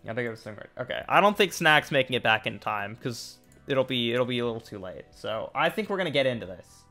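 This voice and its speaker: A man's voice: medium pitch, big pitch swings, quick pace, bright, forceful tone. A young man streaming a card game, chatting casually in a rambling way with lots of fillers and restarts. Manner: rambling, many fillers and restarts, laughs easily. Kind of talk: casual gameplay chat. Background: faint game music.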